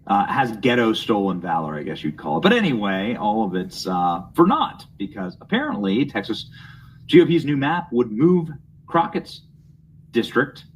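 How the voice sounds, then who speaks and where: A man's voice: medium pitch, big pitch swings, normal speed, low-quality recording. A young man hosting a political commentary show, reading news aloud with mocking, snide asides.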